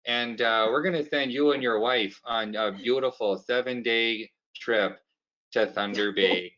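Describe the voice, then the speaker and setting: A man's voice: mid-range voice, measured pace, pushed and bright, dull audio. A man with a Canadian accent putting on a folksy, cheap male boss from a reality show who talks in a chummy drawl. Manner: chummy, drawling, full of "there" and "you know".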